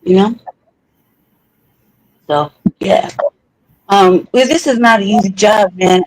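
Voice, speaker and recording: A man's voice: sits high, slow, pauses often, slight background noise, poor audio. A man co-hosting a podcast, talking in a heated, profane, rambling way with frequent restarts. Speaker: podcast co-host. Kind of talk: heated casual talk.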